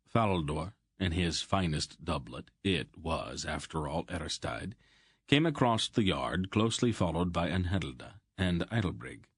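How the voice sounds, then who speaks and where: Male audiobook narrator: low, husky, dry close recording. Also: no room sound. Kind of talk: scripted fantasy narration.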